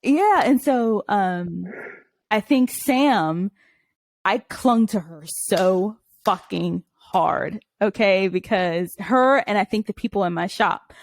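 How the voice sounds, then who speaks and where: A woman's voice: mid-range voice, slow, dry recording. A young woman co-hosting a casual podcast, telling candid stories and laughing often. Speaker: podcast co-host. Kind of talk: casual chat.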